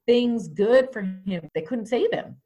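A woman's voice: on the high side, lively intonation, unhurried, mellow, husky. A woman in her forties, a podcast guest, telling a personal story in a conversational way with many fillers.

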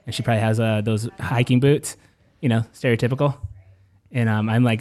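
A man's voice: mid-range voice, fairly even intonation, brisk, a little mellow. A man co-hosting a podcast, joking and teasing in casual chat. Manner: joking, teasing, laughs often. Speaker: podcast co-host.

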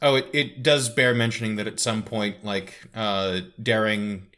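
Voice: medium pitch, steady tone, measured pace, fairly bright tone. Podcast co-host with wry asides. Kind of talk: casual chat about a story.

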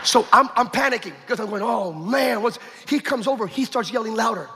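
High-voiced preacher in a reverberant hall. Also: male voice, fairly quick, noisy background. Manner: animated storytelling, acts out quotes, builds to shouting. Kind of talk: sermon testimony. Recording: echoey hall with long reverb.

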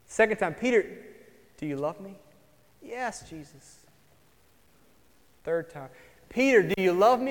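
A man preaching a sermon, earnest, moving between hushed, quiet passages and emphatic lines. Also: high-pitched, animated, takes it slowly, pauses often. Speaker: pastor. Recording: long hall reverb.

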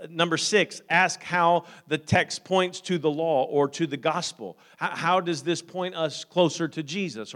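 A man preaching a sermon as pastor, growing loud and emphatic at times, then calm and practical with plain fillers and repeats. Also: fairly high pitch. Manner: frequent fillers and repeated words.

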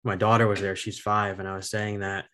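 A man's voice: fairly low pitch, little pitch movement, a little fast, sharp tone. A male host asking questions in a casual, friendly, chatty way. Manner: friendly, laughs often, chatty. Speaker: podcast host. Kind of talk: casual interview.

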